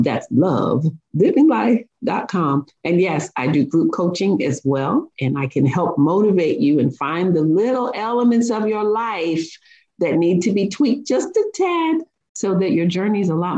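A woman's voice: sits low, mellow. Upbeat motivational woman on a dull line. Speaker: guest life coach. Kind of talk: interview talk. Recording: dull lo-fi sound.

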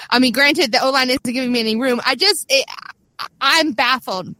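A woman in her thirties hosting a casual sports chat, telling stories with animated, laughing energy. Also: high voice, normal speed, no room sound. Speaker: podcast host.

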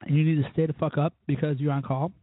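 A man hosting his own show, telling rambling, profane stories in a casual drunken way, with sudden loud bursts. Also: on the high side, level tone, fast, phone-quality sound. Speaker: podcast host.

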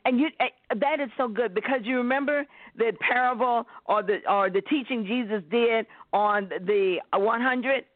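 A woman's voice: fairly high pitch, normal speed, few pauses, no echo. Woman pastor on a dry phone line. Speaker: pastor, co-host. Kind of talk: phone-line sermon dialogue.

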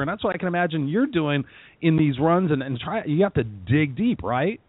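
Fast-talking man on a tinny phone line. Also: on the high side, slightly rough, no echo. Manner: animated, fast-talking, acts out quoted people. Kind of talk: conversational interview.

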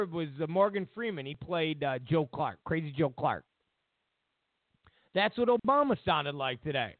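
A man hosting a political commentary show, ranting in a mocking, animated way over a phone line. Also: fairly high pitch, moderate pace, no room sound. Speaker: host.

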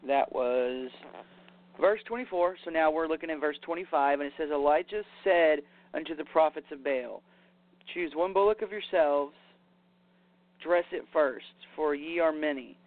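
A man's voice: a little high, dry recording. Man preaching casually over a tinny line. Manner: conversational, paraphrases scripture with "basically" and "you know". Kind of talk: casual sermon with scripture reading. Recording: tinny phone-like sound.

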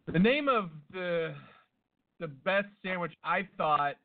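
Male co-host, deadpan absurd riffer, somewhat high voice, phone-quality sound. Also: measured pace. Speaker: podcast co-host. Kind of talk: casual comedic banter.

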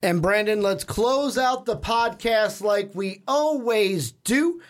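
A man's voice: high-pitched, slow. A young man co-hosting a casual sports podcast, talking in a rambling, chatty way and often correcting himself. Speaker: podcast co-host.

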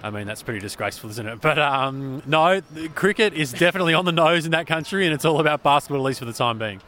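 A man's voice: on the high side, fast, a little hiss or hum. Chatty Australian man, interview guest. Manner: chatty, animated storyteller with many fillers. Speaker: sports journalist guest. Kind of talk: casual interview chat. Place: sports arena after a game.

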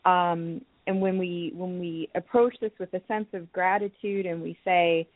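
A woman guest, a crystal healing teacher from Canada, speaking softly and hesitantly, with many pauses and restarts. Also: fairly low pitch, level tone, no room sound. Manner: soft-spoken, hesitant, many ums and restarts. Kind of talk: phone-in talk show guest. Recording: tinny phone line, dry.

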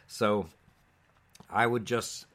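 A man's voice: on the low side, steady tone, drawn-out words, fairly bright tone. A man co-hosting a medical preparedness podcast, explaining topics in an easygoing, conversational way with frequent fillers. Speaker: physician co-host.

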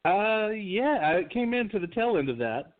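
A man's voice: high voice, sing-song, normal speed. A man calling in as a guest filmmaker, chatting casually and poking fun at himself. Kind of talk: casual call-in chat. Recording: tinny phone line.

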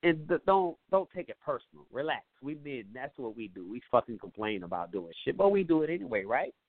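A man's voice: mid-range voice, very animated, fairly quick, no echo. A man hosting a call-in show, rambling and joking with lots of swearing. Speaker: show host. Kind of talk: comedic call-in show monologue. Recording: tinny phone-like line, dry.

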